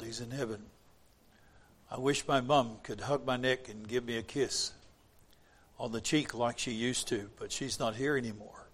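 An older man preaching a sermon in an earnest way, going from quiet, tender lines to loud, emphatic ones. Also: mid-range voice. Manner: earnest, swings from soft to emphatic when quoting scripture.

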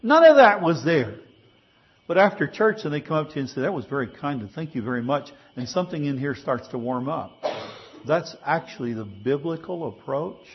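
Husky-voiced male pastor preaching. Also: mid-range voice, expressive, brisk, lo-fi sound. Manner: conversational preaching with rhetorical questions. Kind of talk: sermon.

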